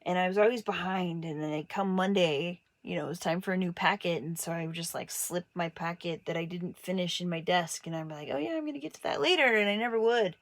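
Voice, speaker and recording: An artist from Montana tells her life story, sharing candid, casual memories of growing up at a slightly fast pace with few pauses. She's animated, acting out teachers and family with big jumps up to a high pitch. The room is dry, with no echo.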